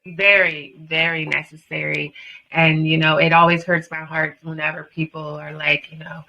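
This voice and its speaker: A woman with a low, bright and forceful voice hosts an earnest conversational interview. She leans on her points and fills her talk with "like". The audio sounds dull and lo-fi. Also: flat delivery, moderate pace, vocal fry. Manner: earnest, emphatic, peppered with "like". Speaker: podcast host.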